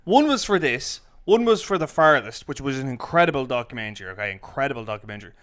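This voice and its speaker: A man talking films in a casual chat, rambling and saying "like" a lot. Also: medium pitch. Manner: rambling, heavy use of "like", quick bursts of excitement. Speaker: film critic.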